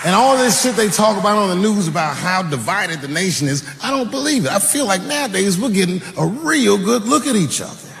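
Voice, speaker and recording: Male stand-up, gravelly, lively pitch swings, long hall echo. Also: fairly quick, few pauses, faint music behind, some chatter behind. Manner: swooping, gravelly storytelling. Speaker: stand-up comedian. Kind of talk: stand-up comedy. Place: live stage show.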